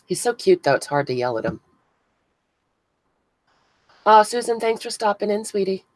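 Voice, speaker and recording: Chatty crafter with a dry close sound. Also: female voice, medium pitch, sing-song, normal speed, pauses often, dry recording, low-quality recording. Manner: chatty, greets viewers by name, thinks aloud while working. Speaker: craft channel host. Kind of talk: casual live-stream chat while crafting. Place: indoors at a crafting table.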